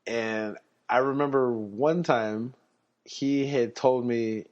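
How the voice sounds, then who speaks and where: A man hosting a podcast, telling personal stories in a casual, animated way and chuckling as he goes. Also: takes it slowly. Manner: animated, chuckling, jumps up in pitch when quoting people. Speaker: podcast host. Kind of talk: casual storytelling monologue. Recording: slightly muffled lo-fi podcast audio.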